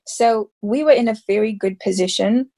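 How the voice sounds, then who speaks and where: A woman's voice: medium pitch, moderate pace, dark tone. A woman in her thirties from South Africa, an actress talking casually in an interview, rambling and full of fillers. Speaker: actress guest.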